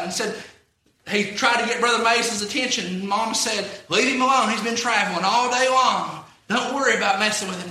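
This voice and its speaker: High bright-voiced preacher. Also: male voice, roomy sound. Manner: folksy retelling, "he said" refrains. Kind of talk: storytelling sermon.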